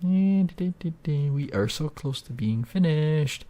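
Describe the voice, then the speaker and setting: A man's voice: fairly high pitch, animated, very slow, dark tone. A man hosting a gaming video, rambling and ranting with plenty of swearing in casual gameplay commentary.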